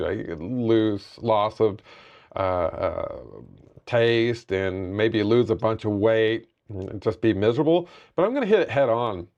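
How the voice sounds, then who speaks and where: A man's voice: on the low side, a little mellow, lo-fi sound. A man giving a candid, reflective personal update in a talking-head vlog. His tone is determined, and he often restarts his sentences. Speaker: vlogger sharing a personal health update.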